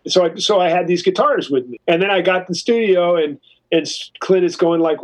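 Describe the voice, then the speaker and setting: A man's voice: sits high, a little fast, low-quality recording. A man telling a long story in a casual interview, loose and profane, with lots of "you know" and "like". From California. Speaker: guest musician.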